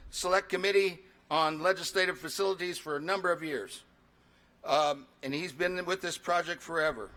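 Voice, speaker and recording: A middle-aged man, a state legislator, giving formal ceremonial remarks in a measured way with pauses. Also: high voice, bright, forceful tone.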